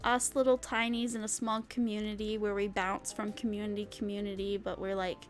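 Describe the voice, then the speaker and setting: A woman's voice: mid-range voice, little pitch movement, brisk, faint music behind. A young woman streaming, chatting casually and rambling with lots of fillers and giggles. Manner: bubbly, giggly, rambling with many "like"s. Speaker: vtuber streamer. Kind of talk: casual chat with chat readers.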